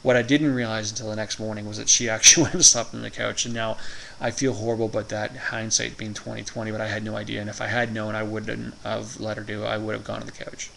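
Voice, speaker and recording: A man's voice: lowish voice, level tone, quick pace, vocal fry, bright, forceful tone, slight background noise, poor audio. A man vlogging, telling a rambling funny story and chuckling often. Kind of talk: casual storytelling.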